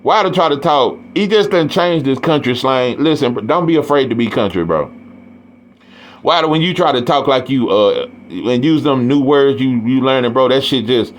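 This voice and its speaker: A man's voice: mid-range voice, lively intonation, moderate pace. A man with an East Texas Southern accent, ranting bluntly and profanely about boxing and repeating his points. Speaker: boxing commentator. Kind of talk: ranting monologue.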